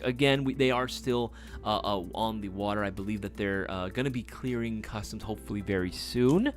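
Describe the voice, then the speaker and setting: A man's voice: fairly low pitch, normal speed, soft background music. A man hosting a casual livestream, chatty and hyped, reading viewer comments aloud and swearing casually. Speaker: livestream host.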